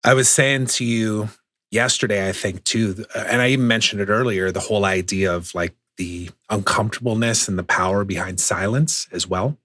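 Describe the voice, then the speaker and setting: Male podcast host, low and husky, eager conversational interviewer. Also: moderate pace, a bit bright, dry recording, studio quality. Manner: enthusiastic, laughs often.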